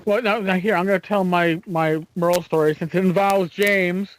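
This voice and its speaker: A man's voice: high voice, slight background noise, low-quality recording. A man co-hosting a podcast, telling stories in casual chat with lots of fillers and restarts. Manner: animated storyteller, halting with fillers. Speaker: podcast co-host.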